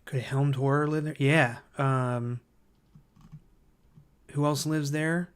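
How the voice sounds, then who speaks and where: A man hosting a livestream who reads viewer comments aloud and thinks out loud, hesitant and full of fillers, easily excited by ideas. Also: on the high side, slow, clear, resonant tone. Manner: enthusiastic about ideas. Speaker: livestream host.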